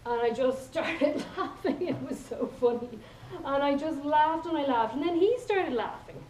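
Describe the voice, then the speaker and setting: A woman's voice: sits high, lively intonation, moderate pace, a little mellow, slight background noise. A woman with an Irish accent giving a humorous contest speech, telling playful stories and acting out quoted lines. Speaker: contest speaker. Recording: echoey hall from far off.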